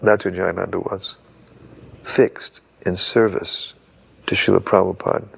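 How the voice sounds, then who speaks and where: Gravelly, husky older man. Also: deep voice, level tone, a little slow. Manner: earnest storytelling. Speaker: interviewee. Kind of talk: reminiscing interview.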